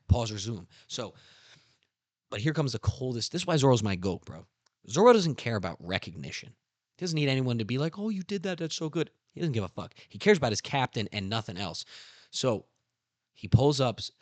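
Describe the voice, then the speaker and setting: A young man hosting a casual podcast, excitedly retelling anime scenes with slang and acting out character lines. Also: medium pitch, dry recording. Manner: animated storytelling with slang, acts out character lines. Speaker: podcast host.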